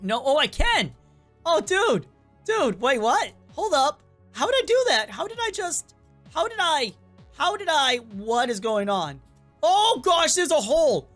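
A high-pitched woman chatters through her game commentary, excitable and quick to talk back to the characters on screen. Her voice sounds worn and cracking, with a cough coming through. Faint game music plays underneath. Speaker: gameplay commentator.

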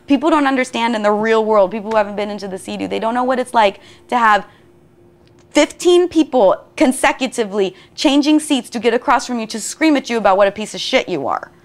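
A woman's voice: on the high side, animated. A woman, a former student, telling her story in a documentary interview and acting out what other people said. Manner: rapid, acts out other people's voices.

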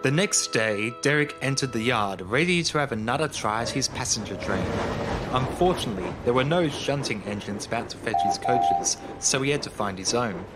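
A man reading a children's railway story as narrator, in a calm, even storybook manner. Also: mid-range voice, moderate pace. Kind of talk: scripted narration. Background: music.

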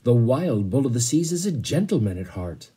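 A man's voice: mid-range voice, very animated, normal speed, mellow, breathy edge. A man reading the part of a dignified grown butler in a storybook, with formal, courtly phrasing. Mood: assured. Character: dignified grown male butler, calm gentleman.

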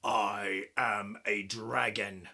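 A man's voice: flat delivery, pushed and bright, exaggerated voice. A man growling as a mean whispery dragon. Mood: menacing. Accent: Australian. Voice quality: low breathy whisper, slow and sinister. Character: mean hungry dragon, big and menacing.

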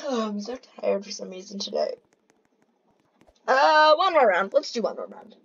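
A young woman giving casual gameplay commentary, excitable and giggly, swinging between panic and glee. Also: on the high side, a little slow, creaky, husky, muffled recording.

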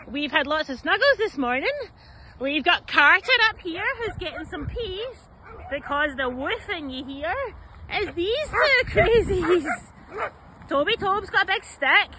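A woman's voice: very high voice, pushed and bright. A Scottish woman vlogging outdoors as a dog walker, cheerfully chatting and cooing baby talk to the dogs. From Scotland. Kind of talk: outdoor vlog chat with dogs. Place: outdoors in a park or woods. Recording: noisy outdoor recording. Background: dogs barking, outdoor ambience.

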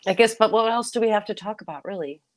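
A woman's voice: mid-range voice, fast. A young woman on a live show, flustered and pleading, laughing nervously. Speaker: guest. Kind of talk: casual live-stream banter.

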